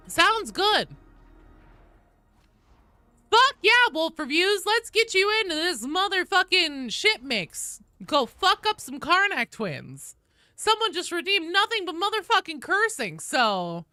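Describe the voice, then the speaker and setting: A woman's voice: very high-pitched, big pitch swings, a little slow, pushed and bright, no room sound, studio quality. A woman streaming a game live, chatting casually and playfully with viewers and swearing freely.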